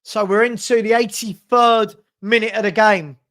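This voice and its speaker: A man giving partisan live commentary on a football match for a stream, getting loud and excited at big moments. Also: high-pitched, moderate pace. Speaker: fan watch-along commentator. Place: home room with a dog.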